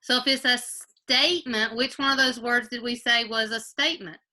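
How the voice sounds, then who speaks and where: Bright-voiced woman teaching class online. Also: on the high side, fairly even intonation, normal speed. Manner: patient, quizzes pupils by name, repeats questions. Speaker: fourth-grade teacher. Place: at home. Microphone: video call.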